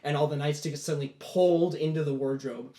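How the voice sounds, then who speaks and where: A man's voice: a little high, steady tone, quick pace, warm tone. A man narrating a tabletop game as game master, in casual storytelling with lots of "like" fillers. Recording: roomy echo.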